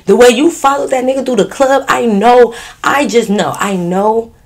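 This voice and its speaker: Animated, giggly woman telling a story. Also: fairly high pitch, normal speed. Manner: animated, profane, keeps breaking into laughter. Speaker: vlogger. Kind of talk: casual storytime.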